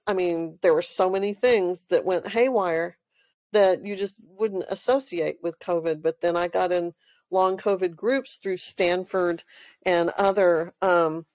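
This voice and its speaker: A woman's voice: medium pitch, darkish tone, no room sound, muffled recording. Texan woman, podcast host, rambling emphatic solo talk, dead-dry room. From Texas. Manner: rambling, emphatic, with frequent fillers.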